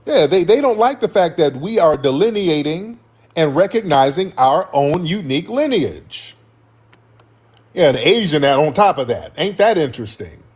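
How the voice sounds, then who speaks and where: A man's voice: on the high side, sing-song, normal speed, a little mellow, slightly rough. A man hosting a heated livestream, talking to his chat in a combative, slangy way with plenty of swearing. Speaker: livestream host.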